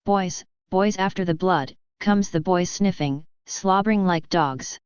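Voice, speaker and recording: Grim fanatical mom muttering warnings, woman putting her on, low voice, muffled sound. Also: unhurried, clean tone, no echo, lightly acted. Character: fanatical religious mother, grim and fearful. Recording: dull lo-fi with faint music.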